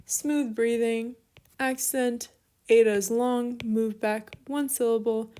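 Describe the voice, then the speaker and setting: This Greek teacher, a young woman with a fairly high voice, unpacks verb forms slowly and steadily in an online walkthrough. She explains each step while writing, with small apologies mixed in.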